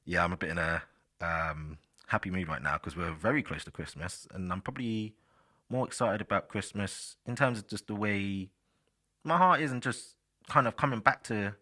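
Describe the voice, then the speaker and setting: A man's voice: on the low side, moderate pace, pushed and bright. A man hosting a solo podcast, chatting casually and rambling with fillers, speaking directly to his listeners. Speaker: podcast host.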